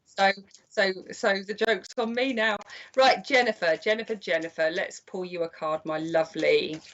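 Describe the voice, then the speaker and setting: An older woman giving chatty, gentle psychic card readings on a live stream. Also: medium pitch, moderate pace. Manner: chatty and gentle, calls people "my lovely". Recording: slightly dull lo-fi stream audio.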